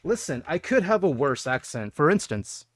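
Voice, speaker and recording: Chatting loosely as he plays, a Texan streamer in his youth reads his chat out loud and wanders from topic to topic. He talks at a normal speed in a fairly high, sing-song voice.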